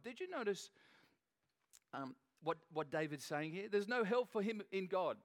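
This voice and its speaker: A man's voice: sits high, lively intonation, moderate pace. A man preaching a sermon in an earnest, conversational way, often restarting and repeating phrases. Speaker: pastor.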